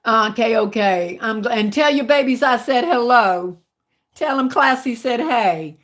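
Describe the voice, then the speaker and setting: A woman's voice: on the high side, animated, measured pace, a bit bright. A woman with a Southern country twang, hosting a casual livestream and chatting with viewers, calling them baby and honey. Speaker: livestream host. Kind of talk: casual live chat reading viewer comments.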